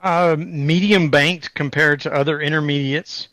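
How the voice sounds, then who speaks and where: A laid-back man co-hosting a podcast, telling anecdotes with easy chuckles. His voice sits a bit high for a man, recorded close and dry. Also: steady tone, unhurried, a bit bright, no room sound. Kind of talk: casual chat.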